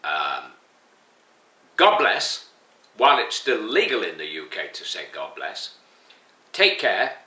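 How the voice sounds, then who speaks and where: Slow, earnest man, bright voice in an echoey room. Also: low-pitched, huge pitch swings, far from the mic. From England. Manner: slow, halting, earnest, gently humorous. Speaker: vlogger. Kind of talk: spoken opinion piece.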